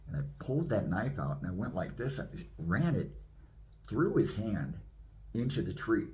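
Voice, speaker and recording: Brief: low-voiced male minister, animated testimony storyteller. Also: normal speed. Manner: animated, acts out scenes. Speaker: minister giving his testimony.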